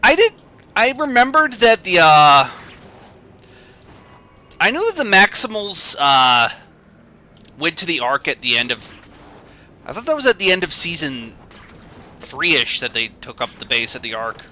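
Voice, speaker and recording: A man's voice: a little high, sing-song, a little slow, pauses often, sharp tone. A man streaming a game, chatting casually in a rambling, goofy way that keeps interrupting itself. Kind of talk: casual gaming commentary.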